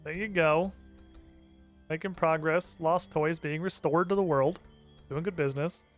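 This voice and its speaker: A man's voice: on the high side, steady tone, measured pace, soft background music. A man streaming a video game, chatting casually, swearing and laughing as he plays. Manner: chatty, profane, laughs a lot. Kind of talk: casual gameplay commentary.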